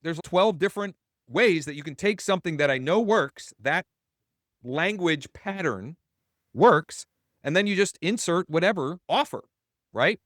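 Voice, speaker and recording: A man's voice: on the high side, lively intonation, a little slow, a bit bright, no echo, studio quality. A man coaching real estate agents in a webinar, telling a story in a casual, rambling way and correcting himself as he goes.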